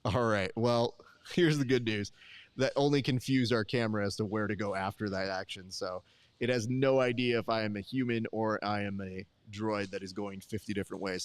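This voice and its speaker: A man's voice: on the low side, clean tone, dry recording. A man hosting a live stream, chatting casually and jokingly with viewers while eating at his desk. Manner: rambling, joking, talks straight to the chat. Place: desk at a live event broadcast.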